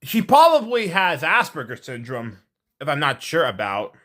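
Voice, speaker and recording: A man's voice: fairly high pitch, normal speed. A man telling a story to his viewers in a rambling, repetitive way, ending with a moral and a sign-off. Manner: rambling, animated, repeats himself. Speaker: vlogger. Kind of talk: casual storytelling to camera.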